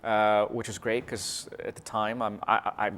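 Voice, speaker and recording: A man from California, chatting as an interview guest, lively, laughing often, with many restarts and fillers. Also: lowish voice, normal speed, slight background noise. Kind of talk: casual interview chat.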